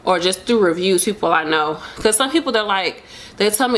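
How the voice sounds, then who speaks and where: Sharing news of her pregnancy, a young vlogger chats to the camera in an open, emotional, rambling way full of fillers. She speaks a little fast in a mid-range, expressive voice with a fairly bright tone.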